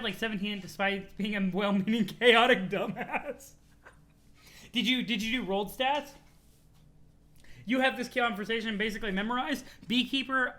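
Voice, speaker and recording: Brief: laid-back streamer reacting to chat, bright tone, quick laughs, casual swearing. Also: mid-range voice. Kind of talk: live-streamed read-along with chat.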